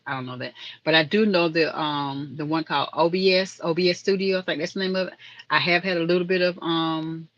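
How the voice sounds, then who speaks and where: A woman's voice: low-pitched, fairly bright tone, no echo, dull audio. A woman hosting a casual live stream, chatting and rambling to viewers in the chat. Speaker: livestream host.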